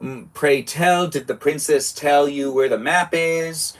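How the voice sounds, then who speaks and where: A crafty old witch of a game villain speaks in a slow, drawn-out, theatrical way, as a man puts her on while reading. The voice sits a little above his usual pitch. She sounds sly and unhurried. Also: recorded from a distance, natural voice. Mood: scheming.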